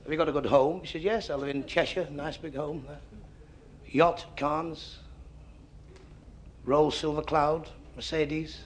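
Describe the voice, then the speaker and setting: A man doing stand-up, firing off quick one-liner jokes. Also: on the high side, fairly even intonation, slight background noise. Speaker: stand-up comedian. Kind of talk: stand-up joke telling. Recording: live club with faint crowd.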